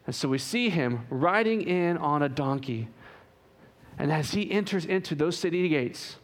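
A man preaching a sermon, swinging from loud emphatic lines to hushed, drawn-out phrases. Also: a little high.

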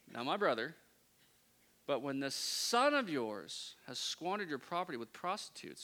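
A man preaching a sermon, moving between hushed, intimate passages and loud, impassioned pleading. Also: a little high, big pitch swings, a little slow.

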